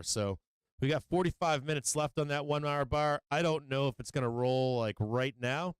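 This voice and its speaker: A man's voice: mid-range voice, clean tone, no room sound, studio quality. A middle-aged man hosting a live stock market stream, talking casually and profanely about charts and money, rambling between trade updates. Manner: rambling, profane, breaks into gleeful taunting. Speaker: livestream stock market host.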